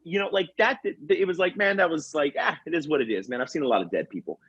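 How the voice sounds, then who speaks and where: A man who works as a firefighter telling work stories on a podcast, animated and slangy, acting out what people said. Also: a little high, fast talker, husky, no room sound. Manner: animated storyteller, acts out quotes, says bro and man a lot. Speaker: firefighter and comedy video creator, guest. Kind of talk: casual podcast storytelling. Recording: dull lo-fi sound.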